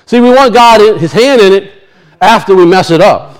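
A man with a high, light voice preaches in a church. He tells a folksy story in an easy, homespun way and chuckles often as he talks. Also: moderate pace. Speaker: pastor. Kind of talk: sermon.

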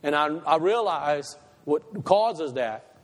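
Taking his time, a man preaches in a lively, high-pitched voice, alternating loud, emphatic bursts with quiet asides spoken in confidence. The pastor's words echo with a long reverb suggestive of a church hall.

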